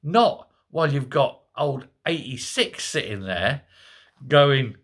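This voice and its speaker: Brief: middle-aged male commentator, bright, forceful voice, mocking and sarcastic rant to camera. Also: medium pitch, lively intonation, slow. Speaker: political commentary host. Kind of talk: solo political rant to camera.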